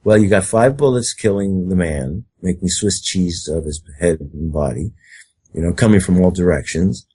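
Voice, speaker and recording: A man's voice: sits low, normal speed, warm tone, husky. A man interviewed as a guest, talking at length in an emphatic, rambling way and acting out quoted speech. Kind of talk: conspiracy talk interview.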